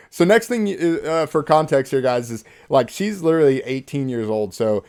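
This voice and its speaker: A man's voice: medium pitch, animated, a little slow, a little mellow. A young man hosting his own video, casually talking through text messages with frequent laughs and fillers. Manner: laughs often, loose and chatty with fillers. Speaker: YouTube host. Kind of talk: casual commentary reading texts.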